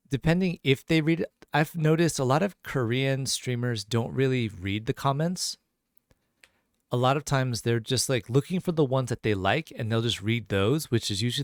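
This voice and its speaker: A man teaches a casual language lesson over a livestream, chatting loosely and reading viewers' questions aloud to answer them as they arrive. His voice is mid-range, and the recording is dry with clean studio sound.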